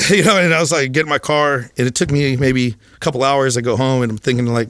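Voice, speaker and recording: Podcast guest, a man in his thirties, candid and profane, halting restarts, mid pitch, dry room. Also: a bit bright, no room sound. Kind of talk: casual storytelling.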